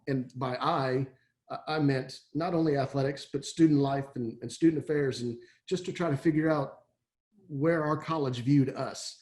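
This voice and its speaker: A man's voice: mid-range voice, fairly even intonation, normal speed, darkish tone. Middle-aged texas guy rambling folksy on a webinar call, lots of uh and restarts. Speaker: athletic director. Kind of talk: webinar presentation. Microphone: video call.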